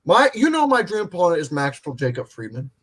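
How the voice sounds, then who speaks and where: Male podcast host, slightly high voice, boastful, crude humor. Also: very animated, fairly quick, fairly bright tone, slightly rough. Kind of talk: casual group banter.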